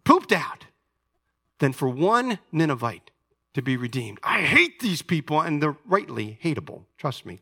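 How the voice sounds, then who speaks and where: A man's voice: medium pitch, vocal fry, bright, forceful tone, breathy edge, full character voice. A man voicing a furious, bitter male prophet, speaking in a seething, indignant way.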